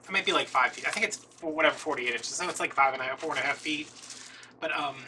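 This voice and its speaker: A man's voice: on the high side, fast talker. A man chatting casually as a craft video host, telling a rambling, self-deprecating story about his day. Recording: distant mic with faint noise.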